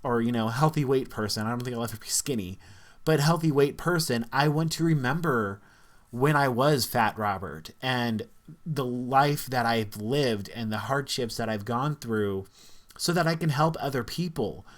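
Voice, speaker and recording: A man's voice: mid-range voice, normal speed. A man, talking earnestly and reflectively to camera in a casual vlog, with frequent fillers. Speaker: vlogger.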